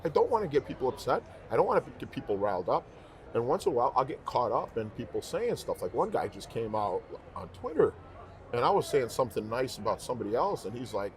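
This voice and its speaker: A man's voice: medium pitch, fast talker. A man who sings professionally, speaking as a guest in a casual interview chat, emphatic and heartfelt, repeating himself for stress. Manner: emphatic, animated storytelling.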